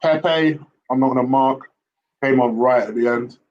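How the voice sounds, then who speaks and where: A man rates the players in a relaxed, chatty way, often pausing on "uh" and "um" as he gathers his thoughts. His pitch is middling, and the audio sounds a bit dull and lo-fi. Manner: relaxed, hesitant, many "uh" and "um", gives player ratings. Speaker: host football pundit. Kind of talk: casual football review.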